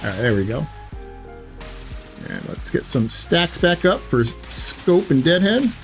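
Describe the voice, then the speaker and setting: A man's voice: on the high side, sing-song, measured pace, gravelly, a bit bright, soft background music. Chatty man commentating gameplay. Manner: chatty, self-correcting, loose filler words. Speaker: gaming YouTuber.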